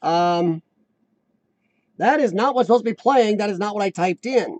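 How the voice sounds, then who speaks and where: Brief: American man hosting a live chat stream, high-pitched, rambling and talkative, dry close mic. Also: expressive, normal speed, a little mellow, dry recording. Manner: chatty, rambling, reads chat aloud.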